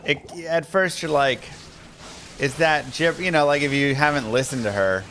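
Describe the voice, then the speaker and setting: A man's voice: medium pitch, lively intonation, brisk, fairly bright tone, slight background noise. A man streaming a game, casually telling rambling anecdotes and laughing often. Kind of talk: casual live-stream chat.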